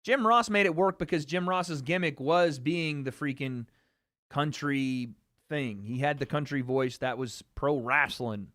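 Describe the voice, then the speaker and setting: Speaking at a measured pace in a rather high, slightly bright voice, a man runs a casual livestream. His light Southern American accent carries animated bragging and plenty of free swearing.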